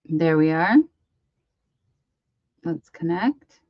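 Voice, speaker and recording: Slow-talking woman hosting a live stream. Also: low voice, no echo, dull audio. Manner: chatty, reads viewer comments aloud and greets them by name. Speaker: host of a live crafting stream. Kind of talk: casual live-stream chat.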